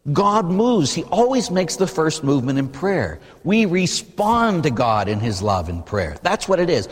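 A man, a priest, preaching a sermon in an animated, conversational way full of rhetorical questions. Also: on the high side, husky. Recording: long reverb in a large hall.

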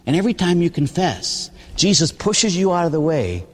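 Older priest preaching in a reverberant church. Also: male voice, a little high, sing-song, normal speed. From Pittsburgh area. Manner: folksy storytelling, frequent "huh?" asides. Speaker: Catholic priest. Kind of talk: sermon. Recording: long hall reverb.

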